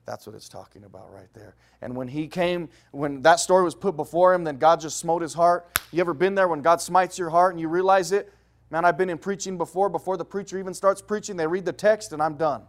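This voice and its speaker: A middle-aged man preaching a sermon, telling Bible stories with a voice that rises loud and drops to a hush. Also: brisk. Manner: lively storytelling preaching, swinging from loud highs to hushed lows.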